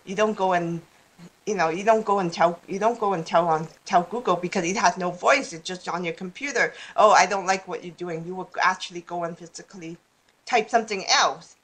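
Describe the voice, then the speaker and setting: Lower-pitched woman rambling in a casual interview. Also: brisk, fairly bright tone, slightly rough. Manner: rambling, restarts often, laughs easily. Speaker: guest speaker on law of attraction.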